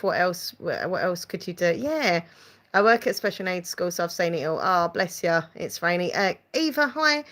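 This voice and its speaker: A woman's voice: mid-range voice, a bit bright. A woman with an Essex accent, hosting a casual live stream, rambling and reading out viewer comments. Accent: Essex English. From England.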